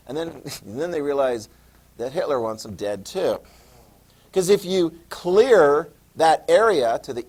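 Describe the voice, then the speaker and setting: A man gives a high school history lesson in a relaxed lecturing style, peppering it with sarcastic asides and telling students to write things down. His voice is a little mellow.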